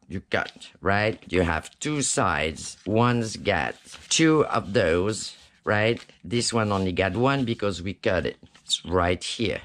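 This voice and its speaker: A man's voice: fairly low pitch, slight background noise. A man hosting a casual step-by-step craft tutorial. He talks while he works and keeps checking in with the viewer, asking "right?" and "okay?". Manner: chatty, reassuring teacher talking while working with his hands.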